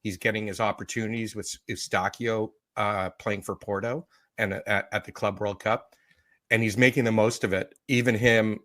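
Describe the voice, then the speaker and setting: A man's voice: on the low side, a bit bright. A man co-hosting a sports podcast, chatty and jokey, often laughing. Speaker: podcast co-host. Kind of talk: casual sports podcast chat.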